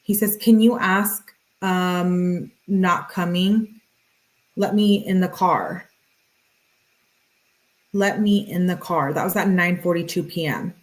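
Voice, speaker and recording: True-crime host, female, lowish voice, reads message logs plainly and drops in offhand remarks. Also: fairly even intonation, slow pace, low-quality recording. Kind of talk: reading text messages aloud with casual asides.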